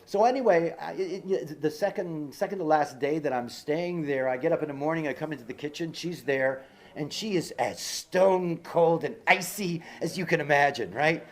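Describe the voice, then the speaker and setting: A man gives an informal lecture with personal stories, rambling through plenty of fillers and asides and repeating key words for emphasis. His voice is a little high, at a moderate pace.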